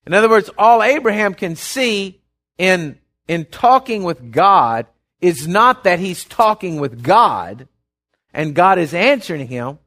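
An older pastor preaches into a stage mic in a church, his voice a bit strained and pitched somewhat high. He talks in a folksy, homey way and breaks out in loud calls now and then. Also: very animated, takes it slowly. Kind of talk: sermon. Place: church sanctuary with monitors and reverb.

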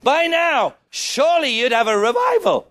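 A male preacher delivering a sermon in a high-pitched voice that leaps up and down. He urges the congregation to shout their answers. He keeps it playful, acting out small scenes as he goes. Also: sing-song, normal speed. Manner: exhorting, calls on the congregation to shout; playful, jokes and acts out little scenes.

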